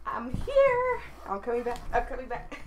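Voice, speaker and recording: A woman hosting a gaming video, chatting to her viewers and reading a dating game aloud, slightly hoarse, laughing and clearing her throat as she goes. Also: fairly high pitch, very animated, normal speed, background noise.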